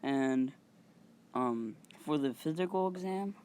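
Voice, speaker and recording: Making up a story on the fly, a male channel host rambles and stumbles through it, using lots of fillers and occasional mild swearing. His voice is a little high and expressive, with a darkish yet clean tone.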